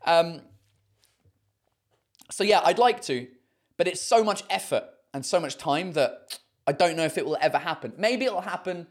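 A man's voice: on the high side, animated, moderate pace, pauses often. A man from England, a comedian, chatting casually on a livestream, rambling and self-mocking as he reads viewer comments. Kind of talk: casual live chat reading comments.

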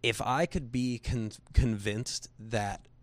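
A man's voice: mid-range voice, fairly even intonation, takes it slowly, no echo. A man earnestly telling a personal faith story in casual conversation, rambling with restarts and slipping into quoted voices.

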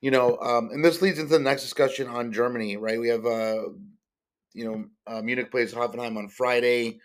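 Talking a little fast in a steady, mid-range voice, this male solo podcaster rambles casually about soccer players for his sports-card show. His talk is thick with fillers and self-corrections.

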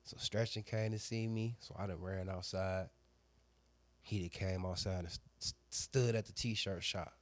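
A man, a barber, casually telling a crude story with lots of slang and voiced quotes, animated and loud at times. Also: low voice, moderate pace, no room sound.

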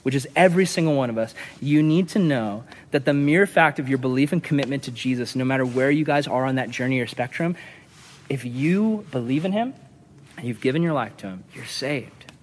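A man's voice: medium pitch, brisk, long reverb tail, slight background noise. A male pastor giving a conversational, earnest sermon, repeating lines for emphasis.

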